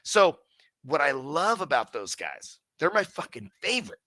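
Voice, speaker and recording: A man's voice: fairly high pitch, very animated, moderate pace, sharp tone, dry recording. A man guesting on a casual podcast about his car audio company, swearing constantly and heatedly acting out his customers' remarks.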